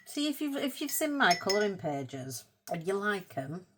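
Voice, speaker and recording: A woman hosting a casual colour-with-me art video. She chats in a rambling, self-mocking way and murmurs softly to herself as she paints. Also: medium pitch, big pitch swings, moderate pace, noisy background. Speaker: art channel host.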